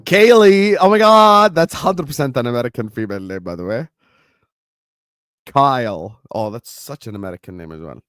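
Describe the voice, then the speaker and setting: Bantering jokingly with his chat, a native Arabic speaker hosts a casual football watchalong stream. His voice is fairly low with lively intonation and a slightly fast pace, captured as a dry, studio-quality recording.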